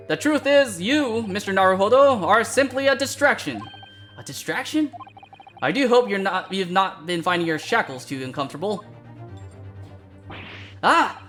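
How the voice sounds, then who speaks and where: A pompous, eccentric English gentleman detective, as a streamer plays him. He speaks in a florid, theatrical way and grows exasperated. Faint music plays underneath. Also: medium pitch, very animated, moderate pace, pauses often, voice pushed up. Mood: smug.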